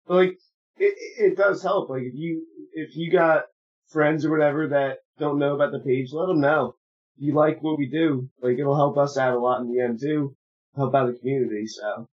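A man's voice: mid-range voice, fairly even intonation, moderate pace, darkish tone. A young man from New Jersey co-hosting a casual podcast chat, joking, swearing freely and laughing often. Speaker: podcast co-host. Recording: dull lo-fi call audio.

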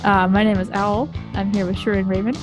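A woman's voice: mid-range voice, level tone, fairly quick, over music. A woman around forty co-hosting a podcast, chatting casually in a loose, profane, joking way. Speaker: podcast co-host.

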